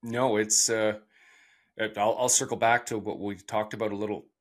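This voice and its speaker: A man hosting an interview, speaking in a measured, deliberate way and readily affirming his guest. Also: fairly low pitch, little pitch movement. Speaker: host. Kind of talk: interview conversation.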